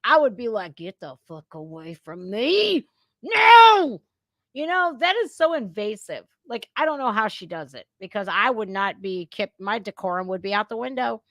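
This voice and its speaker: A woman's voice: mid-range voice, animated, fairly quick, few pauses, fairly bright tone, no room sound. A woman reacting to news clips in casual commentary, blunt and profane, ranting with heat.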